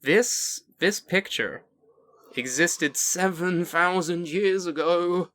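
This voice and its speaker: A man's voice: high voice, slow pace, pushed and bright. A man co-hosting a casual podcast chat, making dry, profane jokes. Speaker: podcast co-host.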